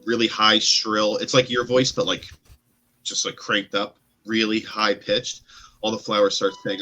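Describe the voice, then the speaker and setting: A man narrating as game master of a tabletop game, describing scenes loosely with many fillers and pauses. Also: lowish voice, steady tone, sharp tone, soft background music.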